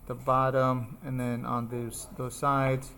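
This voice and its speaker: A man's voice: mid-range voice, level tone, takes it slowly, sharp tone. A man teaching a craft class, talking through his steps as he works, casual and chatty. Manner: chatty, thinking aloud while working. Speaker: art instructor. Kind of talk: live classroom demonstration.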